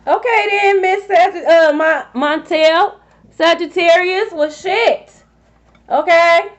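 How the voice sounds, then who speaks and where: A woman's voice: very high voice, takes it slowly. A woman giving a collective tarot reading, blunt and profane, repeating her points for emphasis. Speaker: tarot reader. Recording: dull lo-fi recording.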